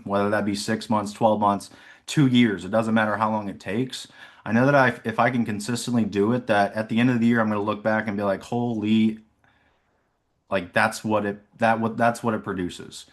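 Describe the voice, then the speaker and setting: A man's voice: on the low side, fairly even intonation, moderate pace. A young man, an insurance sales agent, talking casually on a video call about his mindset, rambling with frequent fillers and laughs. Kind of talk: casual reflective talk.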